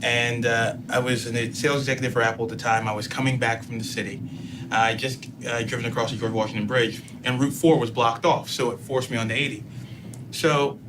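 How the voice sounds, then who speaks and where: A man in his thirties recounts a personal experience in an interview, voicing himself and the other person in turn. His voice sits in a middle pitch. Background noise runs steadily under the recording. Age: 30s. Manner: animated storytelling, acting out both sides of an exchange. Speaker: councilman telling his story.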